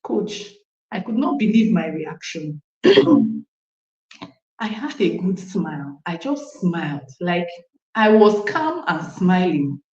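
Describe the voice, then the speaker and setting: Nigerian woman telling a lively parenting story. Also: on the low side, slow pace, reverberant, dull audio. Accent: Nigerian English. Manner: animated storytelling with acted quotes, frequent asides to the coach. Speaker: parent sharing a testimony. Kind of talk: casual personal testimony.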